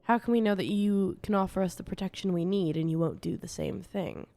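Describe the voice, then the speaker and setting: A woman's voice: medium pitch, fairly quick, creaky, dark tone. A woman playing her character in a tabletop game, talking frankly and casually, with the odd swear word. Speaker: player. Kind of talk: tabletop game role-play.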